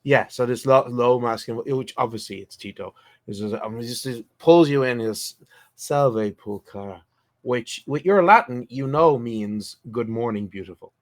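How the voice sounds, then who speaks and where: A man running a tabletop role-playing game, narrating scenes in a relaxed way with frequent restarts. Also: medium pitch, normal speed. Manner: relaxed, thinks aloud with restarts. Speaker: game master.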